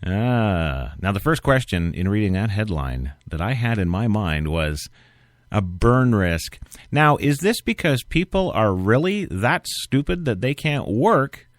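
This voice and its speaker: A man's voice: on the low side, no echo, studio quality. A man hosting an internet talk radio show, reading news stories and riffing on them in a sarcastic, rambling way.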